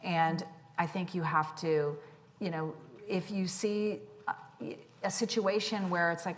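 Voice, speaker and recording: A woman guest speaker talking onstage to students, candid and animated, poking fun at herself. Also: on the low side, a little slow. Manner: candid, animated, self-deprecating. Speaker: guest speaker, company CEO. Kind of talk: onstage conversation. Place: lecture hall with audience. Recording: long hall reverb, faint noise.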